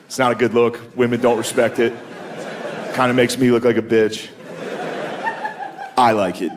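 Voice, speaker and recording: A man's voice: medium pitch, level tone, moderate pace, background noise. A man doing a stand-up comedy set, telling crude, self-deprecating stories and slipping into put-on voices. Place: comedy club stage before a live audience. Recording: live club recording, loud crowd laughter. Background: loud crowd laughter.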